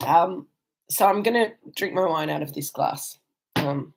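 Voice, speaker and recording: This Australian woman speaks unhurriedly in a lowish voice with vocal fry. Indoors during her travels, she hosts a live online wine tasting, chatting informally in reply to viewer comments. Her talk rambles, with frequent ums and restarts.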